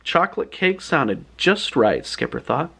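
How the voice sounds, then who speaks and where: Animated man retelling a story. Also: fairly high pitch, vocal fry, breathy edge. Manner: animated, chatty, quick retelling. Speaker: book reviewer.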